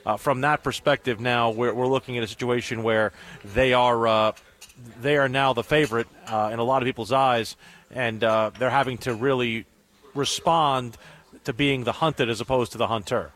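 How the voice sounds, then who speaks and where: A man's voice: medium pitch, fairly even intonation, normal speed, a bit bright. A man hosting sports radio talk, rambling and repeating words as he works through a point.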